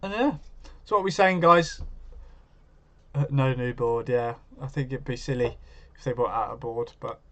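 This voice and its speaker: A man's voice: mid-range voice, normal speed, fairly bright tone, lo-fi sound. A man hosting a live stream, chatting casually and answering viewers' comments as he goes.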